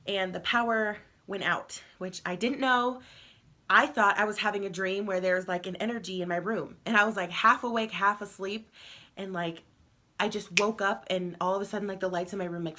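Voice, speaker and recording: A heavily pregnant young woman talking casually in a home vlog, chatty and rambling, laughing often and filling pauses with "um" and "like.". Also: mid-range voice, bright, forceful tone. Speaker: vlogger.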